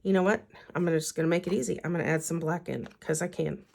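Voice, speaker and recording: Low, gravelly-voiced woman chatting. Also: steady tone, quick pace, darkish tone. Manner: chatty, talks to herself as she works. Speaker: planner vlogger and teacher. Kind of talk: casual chat while decorating a planner.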